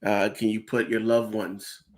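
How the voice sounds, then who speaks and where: A man co-hosting a podcast, telling stories in an earnest, excited way with laughs. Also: lowish voice, a little slow. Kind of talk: casual chat.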